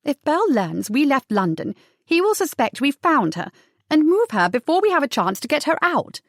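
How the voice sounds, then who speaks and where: A woman's voice: sits high, sing-song, normal speed, no room sound, pitched above the performer's own voice. A prim aristocrat speaks in a raised, lofty, refined voice, as a woman narrator puts her on. Every word sounds carefully proper. The audiobook recording is dry and close. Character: lofty aristocratic young lady, prim and cautious.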